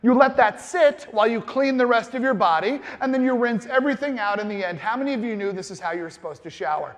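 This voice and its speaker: A man's voice: extremely high pitch, fast, big-room sound. A man in his thirties giving a comedic motivational keynote speech, playful and self-deprecating, acting out little voices. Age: 30s. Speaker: keynote speaker. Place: large conference hall with audience.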